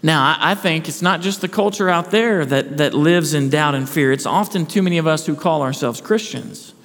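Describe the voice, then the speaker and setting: A man's voice: fairly high pitch, normal speed, fairly bright tone. A man preaching a sermon to his church, earnest, asking rhetorical questions and restarting phrases. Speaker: pastor. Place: church sanctuary. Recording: long hall reverb.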